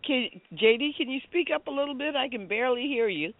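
A woman's voice: sits high, animated, brisk, slight background noise. A woman co-hosting a radio talk show, plain-spoken and friendly in casual chat. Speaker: radio co-host. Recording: dry, phone-like narrow sound.

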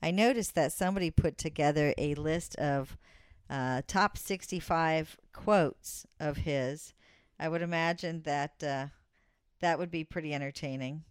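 A co-host in a casual chat, easygoing and quick to chime in with agreement. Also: medium pitch, clean tone, no room sound, clean studio sound. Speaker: podcast co-host.

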